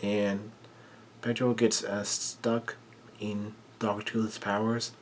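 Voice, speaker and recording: A man with a fairly low voice walks through a manga chapter panel by panel, stringing events together with "and" and frequent fillers. There is a faint hiss of background noise under his voice. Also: flat delivery. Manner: halting, run-on narration with many fillers. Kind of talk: casual chapter recap.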